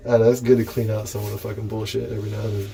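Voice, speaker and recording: A man's voice: on the low side, flat delivery, very fast. A young man rambling profanely as he reads aloud from a book and adds jokey asides. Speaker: vlogger reading and commenting on a book. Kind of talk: rambling casual commentary. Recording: noisy background ambience.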